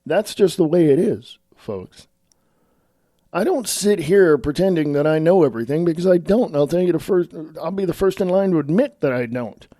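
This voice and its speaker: A middle-aged Californian online commentator delivers a casual political rant to camera, blunt and opinionated, addressing his viewers as "folks." His slightly high voice sounds mellow and relaxed at a normal speed, recorded close and dry with no echo.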